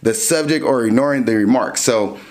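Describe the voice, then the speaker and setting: Hosting a dating podcast, this man talks at a normal speed in a mid-range voice. He lays out ideas casually through everyday examples, becoming animated whenever he acts out a scene.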